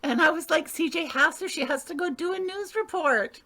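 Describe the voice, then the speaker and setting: A woman's voice: extremely high pitch, normal speed, sharp tone. A woman improvising a chatty middle-aged nurse who gushes, rambles and repeats her words. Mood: gushing chatty. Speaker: improv performer. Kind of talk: improvised comedy scene.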